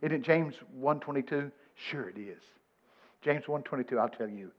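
A man, preaching a sermon in a folksy, animated storytelling way, quoting scripture. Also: medium pitch, moderate pace, lo-fi sound. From Texas. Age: 70s.

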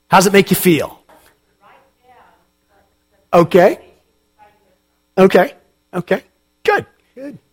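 A man preaching as a pastor, reading scripture aloud and then asking his congregation questions in an unhurried, conversational way. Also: high voice, husky. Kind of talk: sermon.

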